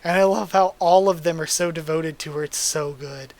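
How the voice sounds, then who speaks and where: A man's voice: a little high, steady tone, normal speed, darkish tone. A man hosting a manga readthrough, reading aloud and sharing emotional, gushing commentary.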